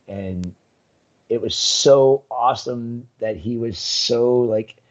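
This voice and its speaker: A man's voice: fairly low pitch, a little mellow, lo-fi sound. A man, a guest on a live talk show, casually telling rambling stories with lots of fillers and laughter. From United States. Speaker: guest, coral farm owner. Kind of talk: casual chat, storytelling.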